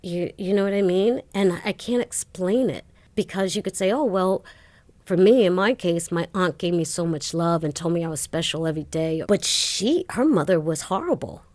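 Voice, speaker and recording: A middle-aged woman being interviewed, telling her life story with animated retellings of dialogue and frequent laughter. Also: on the low side, moderate pace. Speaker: interview guest.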